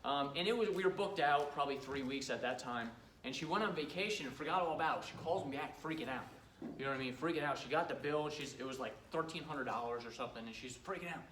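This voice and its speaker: A man's voice: medium pitch, fast, a bit bright, reverberant, recorded from a distance, slight background noise, low-quality recording. A middle-aged man running a cleaning business gives a casual training talk to a live audience, telling stories and acting out customers' lines. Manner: chatty storyteller who acts out customers' lines.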